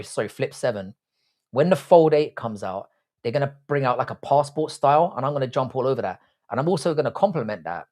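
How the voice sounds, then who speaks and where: A man's voice: mid-range voice, darkish tone. Cocky man bantering on a livestream. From Britain. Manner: crude, cocky banter, calls himself "your boy". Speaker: livestream host. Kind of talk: casual live chat reading out viewer comments.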